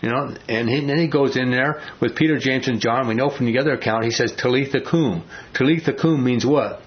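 A man's voice: mid-range voice, a little fast. A man leading an informal Bible study, talking conversationally and often asking the class questions. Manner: conversational, asks the class questions, many fillers. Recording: dull lo-fi recording.

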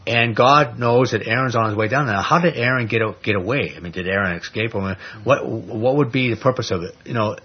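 Man, husky voice, low pitch, casual Bible study teaching, muffled lo-fi recording. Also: fairly quick, few pauses. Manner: conversational, speculative, animated retelling with filler words. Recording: dull lo-fi recording.

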